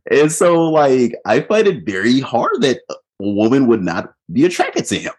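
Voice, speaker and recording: A man's voice: mid-range voice, huge pitch swings, normal speed, darkish tone, slightly rough. A man hosting a podcast in a casual, laid-back chat, chuckling often and talking with lots of fillers. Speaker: podcast host.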